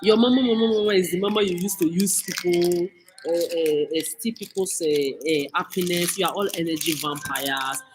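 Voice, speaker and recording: A woman's voice: lowish voice, moderate pace, a little hiss or hum, poor audio. Nigerian woman vlogger, furious scolding rant with a lot of swearing. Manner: cursing, scolding, mixes in Pidgin. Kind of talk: angry rant monologue.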